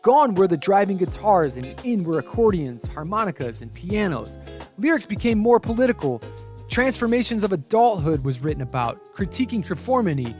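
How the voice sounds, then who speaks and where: A man reading a scripted narration with an emphatic, lively delivery. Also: sits high, moderate pace, faint music behind. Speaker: video essay narrator.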